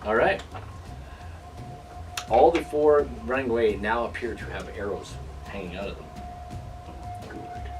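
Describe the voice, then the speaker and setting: Animated man running the game. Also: fairly low pitch, moderate pace, long pauses. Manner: animated, hesitant with fillers. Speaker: game master. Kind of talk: narrating a tabletop game. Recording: distant mic with music behind.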